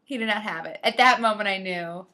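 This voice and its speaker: A woman's voice: medium pitch, brisk, sharp tone. A woman co-hosting a podcast, telling a travel story casually with teasing, sarcastic asides. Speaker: podcast co-host.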